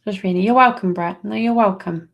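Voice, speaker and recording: A woman's voice: medium pitch, brisk, lo-fi sound. A woman giving a live psychic card reading, speaking reassuringly and chatting casually with viewers as she answers their comments.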